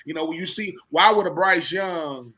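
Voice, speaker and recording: A man's voice: a little high, normal speed. A man with a Southern American accent, chatting casually on a sports radio panel and acting out the voices he quotes. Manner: animated, storytelling, acts out quoted voices.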